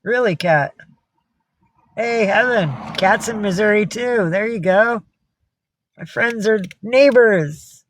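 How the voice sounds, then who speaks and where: A woman's voice: medium pitch, slow, long pauses, a little hiss or hum. A woman from upstate New York hosting a casual livestream, chatting with viewers, greeting them by name and swearing freely. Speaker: livestream host.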